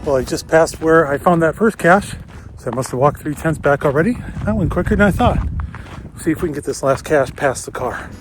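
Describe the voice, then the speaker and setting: A man's voice: fairly high pitch, animated, fairly quick. A man from Minnesota narrating a casual geocaching vlog outdoors on a winter trail, chatty and enthusiastic, talking straight to his viewers. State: slightly out of breath while walking fast. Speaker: geocaching vlogger.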